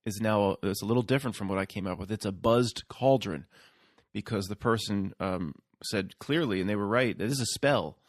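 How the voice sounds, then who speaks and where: A man's voice: lowish voice, fast, few pauses, no room sound, studio quality. A man hosting his own channel, talking casually in a rambling solo monologue full of restarts and fillers. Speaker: YouTube channel host.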